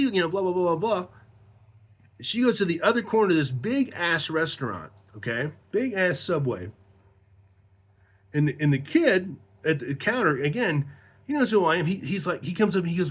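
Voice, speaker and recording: Middle-aged male storyteller, slightly high voice, casual, foul-mouthed, rambling. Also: animated, moderate pace, slightly rough. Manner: profane, rambling, laughs mid-story.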